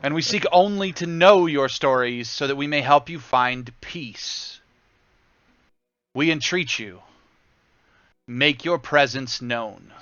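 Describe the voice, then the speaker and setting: A man voicing a solemn woman mystic who leads a seance in slow, ceremonial phrases. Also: mid-range voice, a bit bright, clear, resonant tone, dry recording, muffled recording.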